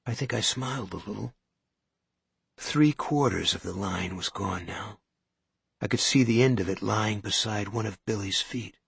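A man reading a story aloud as narrator, with a measured, suspenseful delivery. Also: fairly low pitch, creaky, fairly bright tone, husky, dry recording. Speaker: audiobook narrator. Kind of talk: scripted narration.

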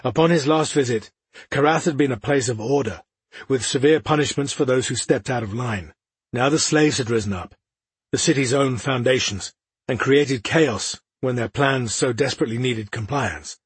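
Husky male audiobook narrator. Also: medium pitch, normal speed, no echo. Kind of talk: scripted fantasy narration.

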